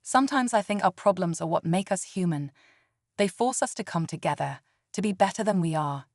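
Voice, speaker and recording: Brief: a woman reading as a weary male ranger, dry humor, plain speech, lowish voice, dead-dry sound. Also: expressive, brisk, no echo. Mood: wry. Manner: wry, plain-spoken. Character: tired male forest ranger, wry and steady.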